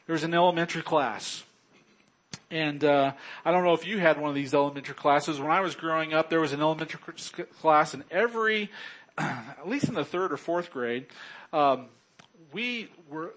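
A man preaching a sermon, earnest and unhurried, swinging between loud bursts and quiet low drops. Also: low-quality recording. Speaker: pastor.

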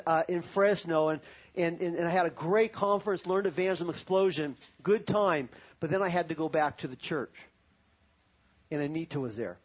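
A man's voice: a little high, breathy edge, dull audio. A pastor preaching a sermon to his congregation, telling a personal story and then rising to fervent preaching.

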